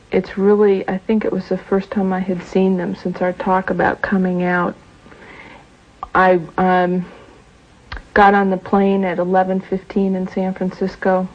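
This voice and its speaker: A woman in a documentary interview, remembering events in a hesitant, reflective way. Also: on the low side. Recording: dull lo-fi recording.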